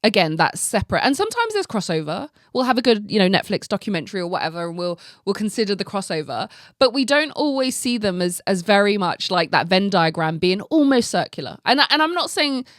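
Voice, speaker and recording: A woman hosting a podcast, telling a story in a casual, animated way, full of "like" and acted-out reactions, with some casual swearing. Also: mid-range voice, brisk, few pauses, no echo, clean studio sound. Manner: animated, heavy use of "like", acts out her own reactions. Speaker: podcast host.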